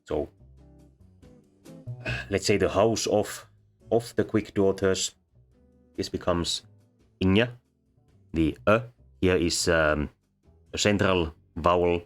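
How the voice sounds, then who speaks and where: A man explaining sound changes as a lecturer, pausing often with ums and uhs. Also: deep voice. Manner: halting, many ums and uhs. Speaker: linguistics lecturer. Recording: faint background music.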